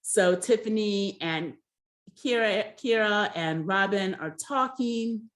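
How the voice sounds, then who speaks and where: A woman's voice: medium pitch, takes it slowly. A woman casually recapping a reality show episode, rambling with many fillers and giving blunt, gossipy opinions.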